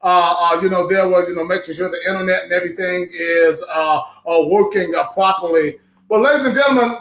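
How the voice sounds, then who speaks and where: A man hosting a live online show, talking with loud, emotional enthusiasm. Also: sits high, roomy sound. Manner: effusive, emotional, loud exclamations.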